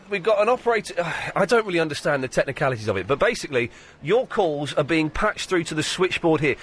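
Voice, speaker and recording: A man hosting a live radio show in a radio studio, jokey and loose in his chat. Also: fairly high pitch. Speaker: radio host.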